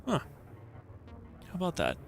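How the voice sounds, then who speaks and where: A man streaming a retro video game, chatting casually, joking, and reading the on-screen text aloud. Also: unhurried. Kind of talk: casual let's-play commentary.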